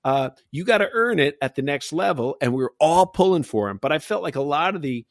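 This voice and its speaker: A man's voice: a little high, animated, brisk, dry recording, studio quality. A middle-aged man hosting a casual sports talk show, telling rambling stories full of fillers. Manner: rambling storyteller, many fillers. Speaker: podcast host. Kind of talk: casual chat.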